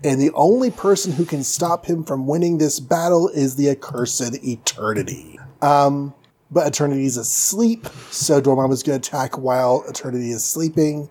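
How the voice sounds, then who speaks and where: A man co-hosting a podcast, breezily recapping a comic and slipping into quick mock voices for the characters. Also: on the high side, mellow. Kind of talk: casual chat.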